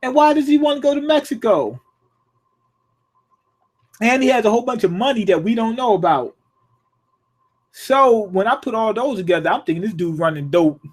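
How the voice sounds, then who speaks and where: Male reviewer, high-pitched, profane, blunt off-the-cuff episode breakdown. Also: a little mellow. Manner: profane, blunt, riffing with rhetorical questions. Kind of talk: casual rant-style recap.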